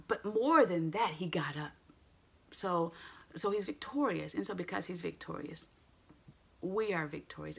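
Middle-aged woman preaching, lower voice but bright and punchy, laughs a lot. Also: vocal fry, slightly rough. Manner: animated, emphatic, laughs often. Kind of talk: sermon.

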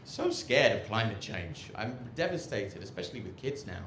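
On a rooftop comedy club stage, a man does sardonic, rambling stand-up and keeps cutting himself off. His lowish, sing-song voice moves at a moderate pace, recorded with a little hiss or hum in an echoey venue with a loud crowd.

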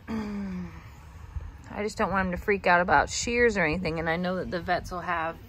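Woman, soft cooing baby talk, casual vlog, outdoors, faint background noise. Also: on the low side, fairly even intonation, normal speed, poor audio. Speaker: vlogger, pet owner. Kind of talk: casual vlog, talking to her pet. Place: outdoors on a farm. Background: faint farm ambience, geese and rain.

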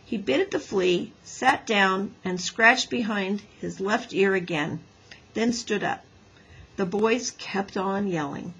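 Raspy woman reading a children's story. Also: mid-range voice, takes it slowly, rough recording. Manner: lively storybook narration. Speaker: teacher. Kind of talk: reading a children's book aloud.

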